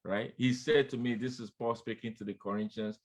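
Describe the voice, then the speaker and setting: The sermon comes from a man whose mid-range voice is darkish in tone, fairly even in intonation, and brisk. Treating his listeners as friends and speaking right to them, he repeats refrains with emphasis, urges them forward, and calls out "come on, somebody."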